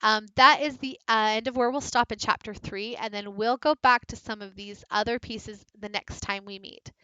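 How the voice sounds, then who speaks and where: Bright, clear-voiced woman teaching. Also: on the high side, fairly even intonation, no echo, dull audio. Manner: clear, deliberate teacherly delivery. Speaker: literacy coach. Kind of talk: recorded teacher training lesson.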